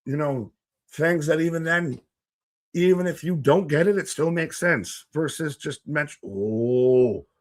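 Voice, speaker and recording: Rambling animated man doing wrestling commentary. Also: on the high side. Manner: rambling, animated, jokey asides to chat. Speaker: watch-along co-host. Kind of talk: live wrestling watch-along commentary.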